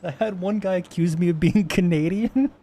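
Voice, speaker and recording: A man with a high, warm voice talks at normal speed during a casual coding livestream. His chat is rambling and profane, with many restarted sentences.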